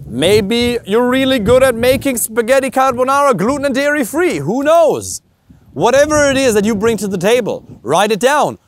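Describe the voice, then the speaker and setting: A man's voice: sits high, slight background noise. A man with a German accent, a dating coach giving a blunt, emphatic talk to camera, full of rhetorical questions. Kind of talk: direct-to-camera coaching monologue.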